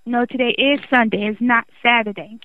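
Woman, customer service agent, patient, firm, high voice, tinny phone line. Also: steady tone, brisk, dry recording. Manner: patient, repeats instructions firmly.

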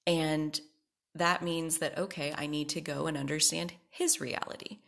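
Low-voiced woman in a frank solo monologue. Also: fairly even intonation, a little slow, creaky, fairly bright tone. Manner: candid, emphatic, swears freely. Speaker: podcast host. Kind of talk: personal monologue.

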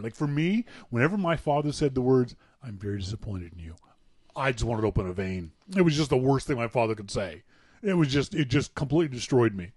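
In studio-quality audio with no room sound, a man from Canada co-hosts a podcast, his voice on the high side. He's animated and playful in this casual storytelling chat, laughing at his own stories.

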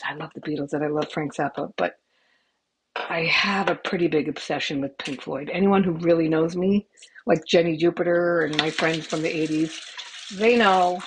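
A woman's voice: sits low, a little hiss or hum, poor audio. A middle-aged woman telling stories casually into a headset microphone as a podcast host, chatty and swearing, with laughing asides. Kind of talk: casual storytelling.

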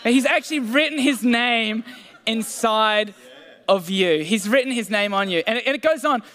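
With a very high-pitched, fairly bright voice at a moderate pace, a man delivers a casual, self-deprecating sermon, stumbling through fillers and restarts. The recording has a long hall reverb.

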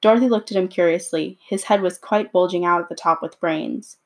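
A woman reading a storybook chapter aloud at a measured, unhurried pace with small slips. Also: lowish voice, fairly even intonation. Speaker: reader.

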